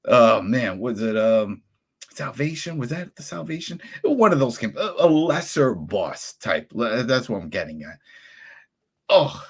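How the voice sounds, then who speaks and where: A man hosts a podcast in a heated rant, his voice huskier than most. His pitch leaps wildly up and down as he works himself up. He sounds angry and fired up throughout. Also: a little slow, husky. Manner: angry, animated ranting with sudden pitch jumps. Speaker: podcast host.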